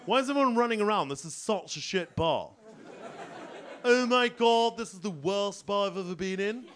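A man voicing a snooty young male elephant who whines and shouts in outrage. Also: high voice, expressive, moderate pace, pitched above the performer's own voice. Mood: disgusted. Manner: whiny, outraged, shouting complaints.

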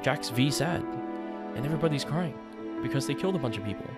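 Man, casual book explainer, playful jokey delivery, mid pitch, guitar music behind. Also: lively intonation, quick pace. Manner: playful, jokey, mock-dramatic asides. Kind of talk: casual comic book summary.

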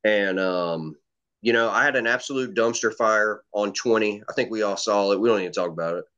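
A man's voice: on the low side, a little fast, fairly bright tone, smooth. A man chatting casually as a competitive shooter guest, telling stories in a rambling way with swearing and lots of fillers. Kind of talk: casual podcast chat. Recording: dull lo-fi audio.

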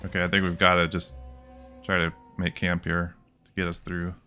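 A man casually commenting on his gameplay, thinking aloud in a relaxed way. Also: sits low, normal speed, faint music behind. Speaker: let's play host.

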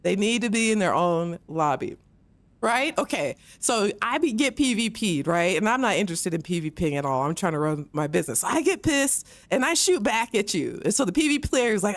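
A woman's voice: fairly high pitch, very animated, moderate pace, no echo. A woman game streamer on a close mic, ranting heatedly and with plenty of swearing during a livestream, often mocking others in put-on voices. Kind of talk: livestream rant while gaming.

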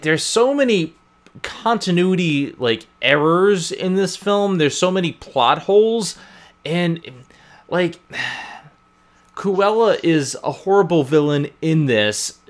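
A man hosting a podcast, chatting casually about a film with wry, joking asides. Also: a little high. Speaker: podcast host.

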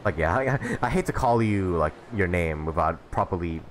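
A man's voice: deep voice, animated, moderate pace, slight background noise. Sniffly sick male game streamer. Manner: laid-back, chatty, laughs often. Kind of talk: casual live gameplay chat.

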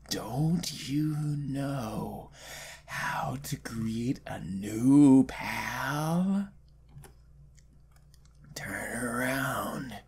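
A man doing Sans, a low lazy skeleton. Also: a bit bright, slightly rough, heavily acted. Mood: whispered. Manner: low lazy drawl, some lines whispered. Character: lazy joking skeleton, male, laid-back.

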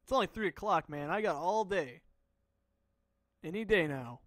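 A man's voice: high voice, lively intonation, moderate pace, fairly bright tone, no echo. A young man giving goofy, rambling let's-play commentary, talking back to the game. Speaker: gaming video host. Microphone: desk microphone. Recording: music playing under the voice.

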